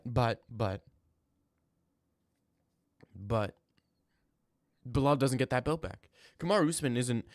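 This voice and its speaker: A man's voice: mid-range voice, no room sound, clean studio sound. A young man livestreaming, chatting casually with his viewers and trash-talking them in slangy, rambling bursts. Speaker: livestreamer reading chat. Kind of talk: casual live-stream chat.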